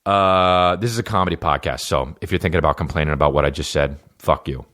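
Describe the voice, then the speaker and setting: A man's voice: extremely low pitch, fast talker, fairly bright tone. A man hosting a solo comedy podcast, reading out fan questions and riffing in a profane, sarcastic way. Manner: profane, sarcastic, jumps into mocking voices.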